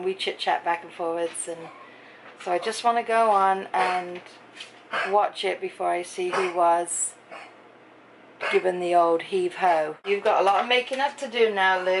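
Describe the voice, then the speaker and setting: A woman's voice: medium pitch, creaky, a little hiss or hum, rough recording. A middle-aged English woman from Britain, telling a story in a chatty, exasperated way in a casual vlog at home. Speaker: vlogger. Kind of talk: casual chat to camera. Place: home bedroom.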